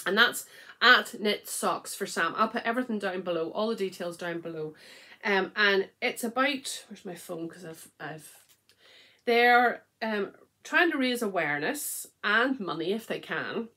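A woman's voice: medium pitch, lively intonation, a little slow, bright, forceful tone. A middle-aged woman hosting a knitting podcast at home, chatting casually with frequent ums and little laughs.

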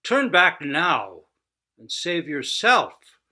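A man's voice: on the high side, huge pitch swings, drawn-out words, sharp tone, voice pushed up, full character voice. A man voicing a male god disguised as a great golden eagle, speaking in a commanding voice.

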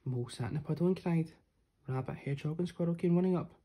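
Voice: mid-range voice, fast talker. A storyteller reading a children's picture book aloud, playing up the sound words. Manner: lively, playful sound words.

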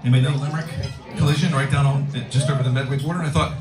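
Rambling middle-aged stand-up comic. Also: male voice, a little high, fairly even intonation, very fast. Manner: rambling, self-deprecating, full of ums and restarts. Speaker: stand-up comedian. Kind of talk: live stand-up set. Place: restaurant comedy room with a live audience. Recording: roomy room from far off, music behind.

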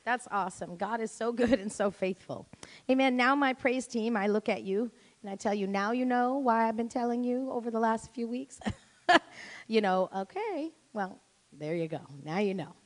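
A middle-aged woman, a worship leader, telling family stories at the end of a church service, animated and laughing. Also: a little high, normal speed. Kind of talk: sermon closing remarks. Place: church sanctuary. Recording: long church reverb.

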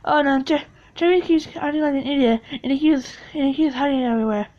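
A woman's voice: sits high, fast, darkish tone, lo-fi sound. A woman doing a flustered, frantic boyfriend. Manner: flustered and pleading, stumbling over words. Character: frantic adult man, the boyfriend. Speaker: puppet video maker. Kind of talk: homemade puppet skit, voicing all parts.

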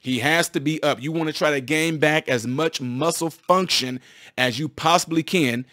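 A man, a former physical therapist, explaining a medical topic to his viewers in a casual, excited way, often restarting and repeating phrases. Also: fairly high pitch, normal speed, no echo, studio quality.

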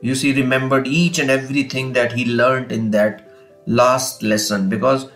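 A man's voice: medium pitch, fairly even intonation, a bit bright. A man explaining a textbook chapter to students, reading passages and then going over them, often saying "you see" and "kindly note down". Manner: slow, repeats and rephrases, fillers, "you see" and "kindly note down". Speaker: English teacher. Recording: faint guitar music behind.

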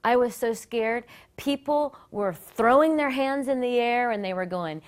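A woman worship leader tells a personal testimony, her voice sitting a little high. She speaks earnestly and with animation, often breaking off and restarting her sentences as she goes. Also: a little slow. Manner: earnest and animated, with many self-interruptions.

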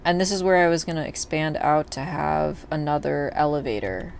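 A man's voice: a little high, moderate pace, creaky, slight background noise. A man streaming a video game, chatting casually to his viewers and swearing freely when things go wrong. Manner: chatty, talks to chat, swears when upset.

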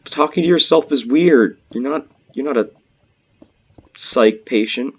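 A man's voice: a little slow, breathy edge, lo-fi sound. A man chatting casually while playing a game with a friend, teasing and bragging. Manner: boastful, teasing, lively swings in pitch. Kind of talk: casual gameplay chat.

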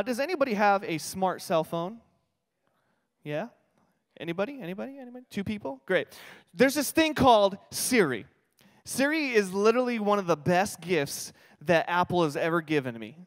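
A New Mexican man in his thirties preaches a chatty, self-deprecating sermon in a high voice. His words ring out with a long reverb in a church auditorium. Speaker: pastor. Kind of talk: conversational sermon.

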